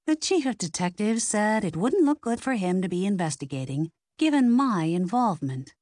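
A woman voicing a stressed young woman baker who sounds strained and forces brightness on the phone. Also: mid-range voice, big pitch swings, normal speed, dry recording, clean studio sound, pitched above the performer's own voice, lightly acted. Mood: worried.

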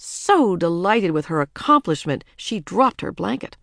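A woman narrating a children's storybook in a lively, expressive way. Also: on the low side, a little slow, creaky, dry recording, clean studio sound. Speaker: audiobook narrator.

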